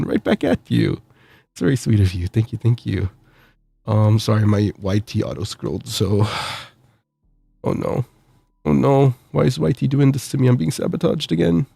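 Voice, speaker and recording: A man's voice: mid-range voice, fast talker, creaky, warm tone, slightly rough, no room sound. A man streaming while sick with the flu, cheerfully reading out viewer messages with little laughs and stammers. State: sick with the flu, itchy throat. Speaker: VTuber streamer.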